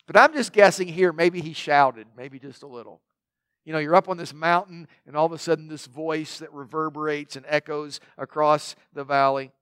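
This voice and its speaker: A man's voice: fairly high pitch, fairly bright tone, clear, resonant tone, no room sound. A man preaching a sermon in a conversational way, with joking asides to the congregation. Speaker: pastor.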